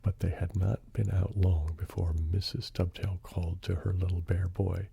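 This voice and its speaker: Hushed, gravelly man reading a bedtime story. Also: low voice, flat delivery, normal speed, few pauses. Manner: hushed, partly whispered narration. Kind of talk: soft-spoken ASMR bedtime reading.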